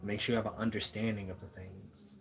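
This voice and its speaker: A man's voice: lowish voice, little pitch movement, brisk, gravelly, slight background noise. A man giving a casual spiritual card reading to viewers, musing aloud and repeating words as he searches for messages. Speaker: tarot reader.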